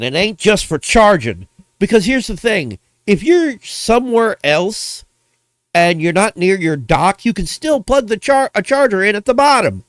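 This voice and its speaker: A man with a high, very lively voice rambles through casual gaming commentary and throws out playful insults. His pitch swings widely, and the recording is close and dry. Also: no echo. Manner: animated, rambling, playfully name-calling. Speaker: gaming video host.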